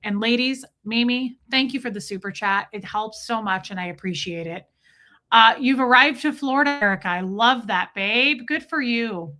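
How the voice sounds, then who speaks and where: Middle-aged woman chatting on her livestream, bright clear voice, shares everything. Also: fairly high pitch, normal speed. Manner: chatty and confiding, greets viewers by name. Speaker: livestream host. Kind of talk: casual livestream chat.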